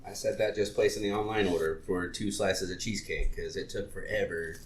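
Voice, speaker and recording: A low-voiced man co-hosting a podcast. He chats loosely, describes food and laughs at himself, and the room around him gives his voice an echo. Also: fairly even intonation, brisk, a little hiss or hum. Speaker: podcast co-host. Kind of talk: casual chat. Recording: roomy echo.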